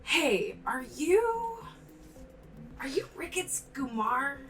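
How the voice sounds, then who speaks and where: Woman doing a shouting half-elf courier man. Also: high-pitched, big pitch swings, fast talker, pitched above the performer's own voice. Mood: questioning. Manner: shouting commands. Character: male half-elf courier, loud, bossy with his dog. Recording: distant mic with background music.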